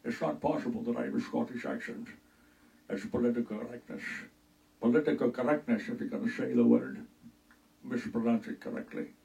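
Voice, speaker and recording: A man impersonating an aging male film star, talking low and gruff with a slurred lisp. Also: expressive, fairly quick, warm tone, distant mic, rough recording. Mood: defiant.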